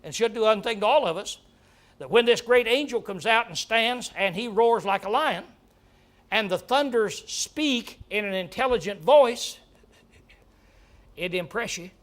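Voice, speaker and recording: A man's voice: high-pitched, lively intonation, a little slow, fairly bright tone. A man preaching an earnest, emphatic Bible-study sermon, repeating words for stress.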